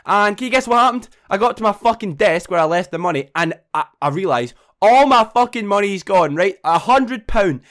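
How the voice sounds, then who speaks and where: A man's voice: sits high, expressive, normal speed, few pauses, fairly bright tone. A young man tells a storytime vlog. He swears a lot and keeps asking "right?". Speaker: vlogger.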